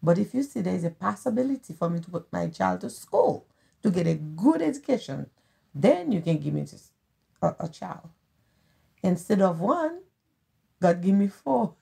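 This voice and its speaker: A woman's voice: lowish voice, big pitch swings, moderate pace, gravelly, warm tone, husky. A middle-aged woman from Haiti with a Haitian accent, whose first language is Haitian Creole. She speaks earnestly and heartfelt as a guest in a casual conversation, often repeating her phrases. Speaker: guest, host's mother.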